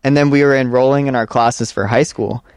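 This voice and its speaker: A young man co-hosting a podcast, telling stories in an animated way and mimicking his friends. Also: medium pitch, fairly quick, smooth, dry recording, studio quality. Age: young adult. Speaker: podcast co-host. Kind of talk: casual chat.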